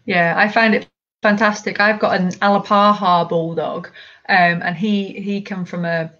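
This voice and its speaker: A woman's voice: medium pitch, moderate pace, dull audio. A woman mantrailing instructor from the UK, chatting enthusiastically as a guest and acting out owners and dogs. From United Kingdom. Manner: enthusiastic, animated storytelling, acts out dogs and owners. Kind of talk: casual video call chat.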